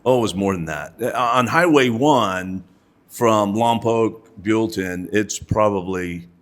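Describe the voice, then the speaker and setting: A man's voice: on the low side, takes it slowly. A man in his sixties, a podcast guest, telling an old story in a hesitant way and repeating short agreements. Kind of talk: casual storytelling chat.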